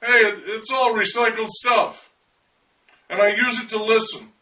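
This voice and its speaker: Man as an earnest eccentric hunting alien signals: high, bright voice, slow wry delivery, miked from a distance. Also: fairly even intonation, heavily acted. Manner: wry, confiding, deliberate monologue to the listener.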